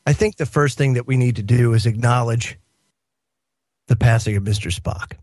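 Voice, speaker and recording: A man hosting a talk radio show, in casual, animated banter with his co-hosts. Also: medium pitch, moderate pace, no echo, studio quality. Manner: animated, exclaiming, laughs easily.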